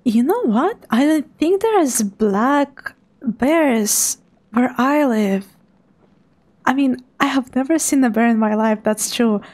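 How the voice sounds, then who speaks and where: A young woman, quietly commentating a live game stream in a hushed, soft voice. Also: high-pitched, expressive, takes it slowly. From Russia. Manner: hushed, softly spoken to avoid making noise.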